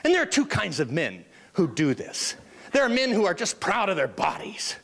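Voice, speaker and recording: A man's voice: sits high, normal speed. A man giving a humorous motivational keynote, telling comic stories to an audience. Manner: animated comic storyteller. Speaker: motivational speaker.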